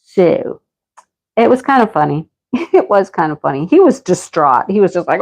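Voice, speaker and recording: A woman's voice: medium pitch, big pitch swings, normal speed, gravelly, darkish tone, low-quality recording. A middle-aged woman livestreaming, casually telling a story to her chat, laughing often and answering viewers by name. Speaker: livestream host.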